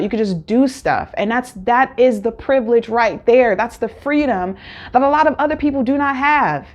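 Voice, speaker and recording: A woman's voice: on the high side, lively intonation, moderate pace, highs cut off. A woman hosting a casual solo recap, talking candidly with many fillers and acted-out quotes. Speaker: show recap host.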